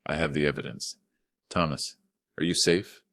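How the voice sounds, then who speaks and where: A man voicing a stern middle-aged lawyer, urgent and forceful. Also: a bass voice, fairly even intonation, moderate pace, no echo, studio quality. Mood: firm.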